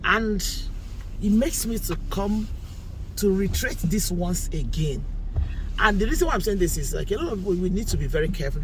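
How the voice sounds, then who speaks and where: A woman's voice: lowish voice, background noise. A woman vlogger giving earnest, casual advice straight to her viewers.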